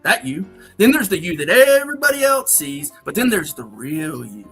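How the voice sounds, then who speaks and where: A man's voice: high voice, moderate pace, breathy edge, soft background music. A man hosting a livestream, joking and laughing as he reads viewer super chats. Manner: animated, joking, laughs often. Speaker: livestream host. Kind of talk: casual livestream chat, reading super chats.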